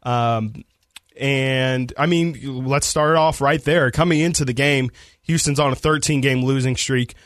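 A man's voice: mid-range voice, steady tone, measured pace, a bit bright, dry recording. A young man hosting a casual sports podcast in a radio studio, talking in a laid-back, rambling way with lots of fillers. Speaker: podcast host.

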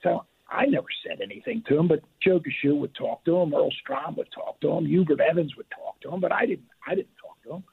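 A man's voice: fairly high pitch, brisk, gravelly, hardly any pauses, breathy edge. An older man, a retired referee, telling stories animatedly as a guest, often restarting and repeating words, heard over a tinny phone line. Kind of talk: phone interview storytelling.

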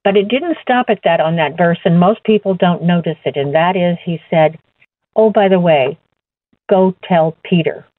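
A woman giving an earnest personal faith testimony as an interview guest, halting and repeating words as she goes. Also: on the low side, dry recording. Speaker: guest sharing her testimony. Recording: tinny phone line, dry.

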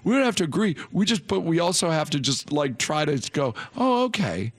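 Brief male radio host, bouncy pitch, dry studio sound, playful banter. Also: fairly quick, dry recording. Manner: animated, jokey, acts out other voices.

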